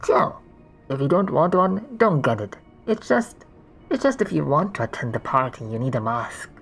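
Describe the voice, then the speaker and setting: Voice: big pitch swings, normal speed, gravelly, slightly rough, soft background music, heavily acted. A streamer voicing a laid-back young man who talks from behind a fox mask, muffled and rambling, in a game playthrough. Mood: easygoing. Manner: easygoing, rambling sales pitch.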